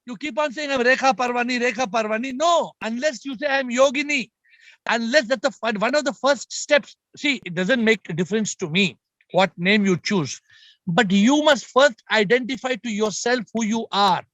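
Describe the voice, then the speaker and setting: High-voiced man giving an emphatic spiritual talk. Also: moderate pace, a bit bright, dry recording. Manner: emphatic, repetitive, addresses listeners directly. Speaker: spiritual teacher. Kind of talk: spiritual talk on a group call. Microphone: video call.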